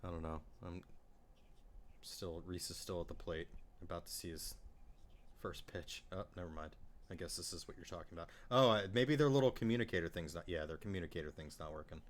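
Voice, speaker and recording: A man's voice: low voice, brisk, slight background noise. A man co-hosting a casual live stream, dry and exasperated as he reacts to a game. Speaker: podcast co-host. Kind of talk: casual live-stream chat about baseball.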